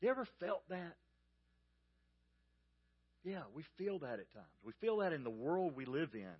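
A pastor from the American South with a Southern accent, preaching a sermon in a folksy storytelling manner and speaking straight to the congregation. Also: male voice, a little high, very animated, a little slow, breathy edge, lo-fi sound. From Georgia, US South.

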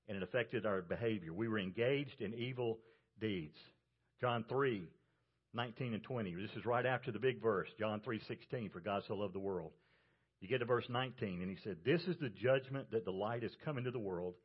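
A male pastor with a Southern US accent preaching a sermon, earnest, rising to emphasis and dropping soft. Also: mid-range voice, breathy edge. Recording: dull lo-fi sermon recording.

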